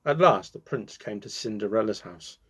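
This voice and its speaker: A man reading a fairy tale aloud, with slow, expressive pacing and dramatic pauses. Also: on the low side, breathy edge. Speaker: storyteller.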